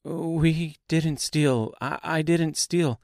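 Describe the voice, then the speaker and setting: A man's voice: fairly high pitch, steady tone, extremely slow, vocal fry, darkish tone, no room sound, studio quality, pitched above the performer's own voice, full character voice. A man putting on a frightened, stammering young woman. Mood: panicked stammer. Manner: stammering, repeating words.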